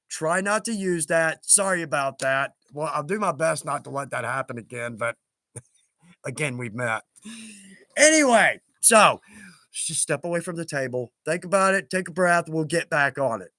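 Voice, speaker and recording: A man chats casually on a livestream, reading viewer comments in a high, bright voice. He is self-deprecating and laughs often. The sound is dry and close. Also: lively intonation, measured pace, no room sound.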